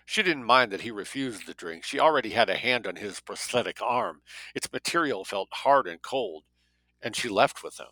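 A man narrating a story as an audiobook reader, with a steady, measured delivery. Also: fairly low pitch, dry recording, rough recording.

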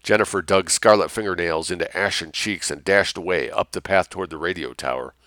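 A man reading an audiobook as narrator in an even, measured way. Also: low voice, no echo, studio quality. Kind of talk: scripted narration.

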